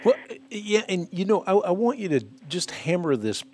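A man's voice: sits high, lively intonation, moderate pace, darkish tone. A man hosting a Christian radio talk show who makes his points emphatically, like a teacher.

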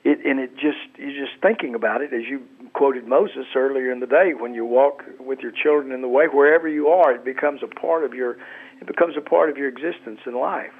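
A man, a pastor and author, talking earnestly on Christian radio, often halting and restarting his sentences. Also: mid-range voice. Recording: tinny phone line.

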